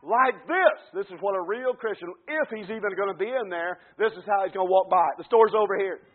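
A high-pitched man in his forties preaches a fervent sermon, moving from quiet, conversational asides to shouted climaxes. The sound is thin and narrow, like a radio broadcast heard over a phone line. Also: fairly quick.

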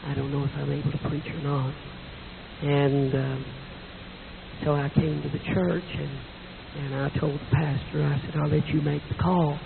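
A middle-aged man preaching a sermon in a church with a hoarse, weak voice, telling folksy stories with self-deprecating asides. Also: on the high side, little pitch movement, moderate pace. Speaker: visiting preacher. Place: church sanctuary. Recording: tinny echoey church recording with hiss.

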